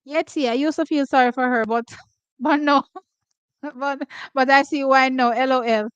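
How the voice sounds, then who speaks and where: A young woman with a Jamaican accent chats through viewer comments about track and field, moving easily between patois and standard English. Her voice sits a little high and stays smooth and clear. The sound is close and dry, with no room around it. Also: a little slow, dry recording, lo-fi sound. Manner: animated, switches between patois and standard English, laughs often. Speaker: host of a track and field talk stream. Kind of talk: casual livestream chat reading comments.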